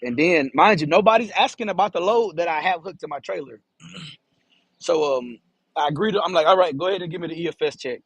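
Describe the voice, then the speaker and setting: A man's voice: a little high, fast, slightly rough, no room sound. Profane, rambling trucker man. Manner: rambling, profane, repeats himself, stutters. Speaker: truck driver vlogger. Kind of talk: casual storytelling to camera. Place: in his truck.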